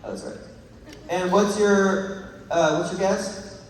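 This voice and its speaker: A man's voice: high voice, slow, far from the mic, slight background noise. Rambling man telling stories in an echoey hall. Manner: animated, rambling, laughs through his stories. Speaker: actor answering fan questions at a panel. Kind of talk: comedic storytelling on stage. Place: large convention hall with audience.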